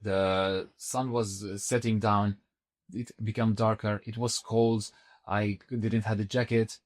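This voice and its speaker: A man telling a personal story in casual conversation, often restarting sentences and acting out what people said with sudden high-pitched voices. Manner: animated, acts out quoted speech with sudden high pitch jumps; halting, restarts mid-sentence. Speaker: podcast guest.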